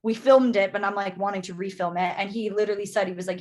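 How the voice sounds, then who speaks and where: A woman's voice: mid-range voice, steady tone, fast talker, few pauses, darkish tone. A young woman from Canada, chatting casually as a podcast guest, with lots of fillers and acted-out quotes.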